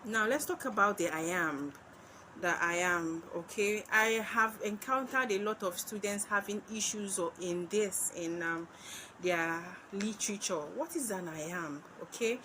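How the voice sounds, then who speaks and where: A Nigerian woman tutors literature for exams in a slow, repetitive way, going over key points again and posing questions she then answers herself. Her medium-pitched voice has a sharp tone, and the poor-quality audio carries slight background noise.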